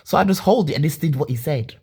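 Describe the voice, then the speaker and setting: A woman's voice: low-pitched, lively intonation, fast, dark tone, slightly rough. A woman from Leeds telling her own story casually and animatedly, with many restarts and some swearing. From Leeds, England.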